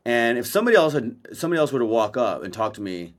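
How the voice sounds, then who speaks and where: A man's voice: mid-range voice, big pitch swings, racing. A man co-hosting a podcast in casual chat, blunt and profane, a self-described verbal processor talking over a video call. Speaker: podcast co-host. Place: Maui.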